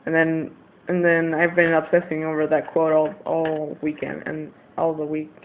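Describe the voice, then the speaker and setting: High-voiced teen guy venting on a tinny webcam. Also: monotone, moderate pace. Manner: rambling, venting, frustrated. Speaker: vlogger. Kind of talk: casual confessional vlog. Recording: tinny lo-fi webcam audio, faint hiss.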